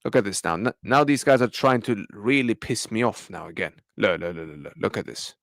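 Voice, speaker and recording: A football fan channel host delivers a heated match reaction rant, exasperated and full of slang, repeating himself as he addresses his viewers. His voice is fairly low and a bit creaky with a fairly bright tone, and he talks briskly. The recording is rough, with no room sound.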